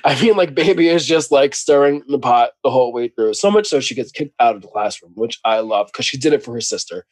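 A man talks casually as co-host of a recap podcast. He is chatty, laughs a lot and slips into voices to act out quotes. His voice sits at a middle pitch, recorded close and dry. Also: fairly quick, dry recording.

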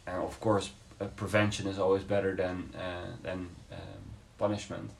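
Low-voiced man musing hesitantly. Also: level tone, normal speed, creaky. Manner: thoughtful, hesitant, many fillers and restarts. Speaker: podcast co-host. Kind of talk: casual debate.

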